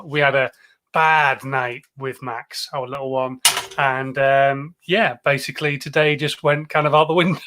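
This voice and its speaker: A man's voice: on the high side, fairly bright tone. A man hosting a live show, talking casually to viewers and greeting them with frequent filler words. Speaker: host of a live social media show.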